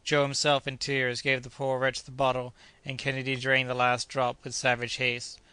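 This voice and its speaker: A man narrating an adventure audiobook in a measured, steady reading. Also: medium pitch, smooth, dry recording.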